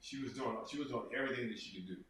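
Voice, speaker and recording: A man's voice: medium pitch, very fast, fairly bright tone. A man earnestly talking as an interview guest, repeating phrases and acting out quotes. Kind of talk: casual interview talk. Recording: echoey room from far off.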